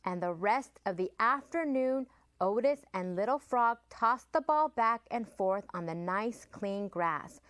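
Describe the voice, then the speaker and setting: Slow, sing-song storytelling woman. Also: medium pitch, expressive, a bit bright. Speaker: children's librarian. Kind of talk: picture-book read-aloud for children.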